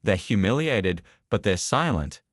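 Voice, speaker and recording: A male narrator putting on a cocky young guy from a storybook, casually coaxing, in a low husky voice that swings around a lot, with a close, dry sound. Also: very animated, unhurried, no room sound. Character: cocky young male student, smooth tempter.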